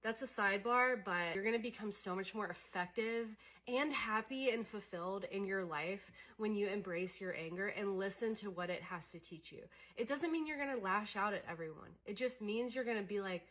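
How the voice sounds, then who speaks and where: A woman's voice: mid-range voice, normal speed, few pauses, fairly bright tone. A young adult woman coaching on emotions in a candid, conversational way, with many fillers. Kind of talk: casual teaching monologue.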